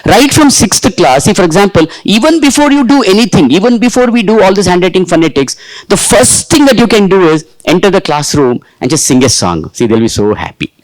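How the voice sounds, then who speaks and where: A man with an Indian English accent giving a workshop lecture to teachers, talking in an animated, sing-song way. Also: sits high, fairly quick, poor audio. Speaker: teacher trainer.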